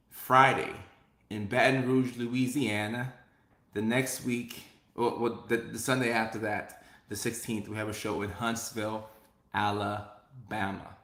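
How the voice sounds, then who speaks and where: A man's voice: medium pitch, a bit bright, roomy sound. A man hosting a live stream, chatting casually and reading viewer comments, upbeat and prone to repeating himself. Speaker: host.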